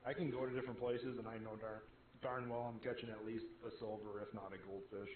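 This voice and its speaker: Deadpan man in his thirties, tinny. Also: medium pitch, fast talker. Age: 30s. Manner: dry, flat delivery. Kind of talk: casual gaming chat. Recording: tinny phone-like voice chat line.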